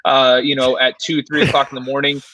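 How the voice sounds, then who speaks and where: A man, a paranormal investigator, telling an animated story in a casual interview, full of fillers and restarts. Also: medium pitch, brisk, a little hiss or hum. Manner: excited, filler-heavy, animated retelling.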